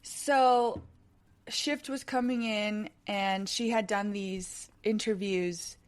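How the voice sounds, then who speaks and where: A woman's voice: mid-range voice, fairly even intonation, slow pace, clean tone. A woman co-hosting a podcast, telling a story in a blunt, dryly critical, casual way. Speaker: podcast co-host. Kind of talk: casual commentary chat.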